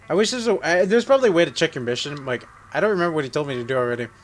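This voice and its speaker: A man giving casual let's play commentary, joking and rambling, with sudden loud yelps, while sick. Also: a little high, expressive, rapid-fire. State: sick, on medication.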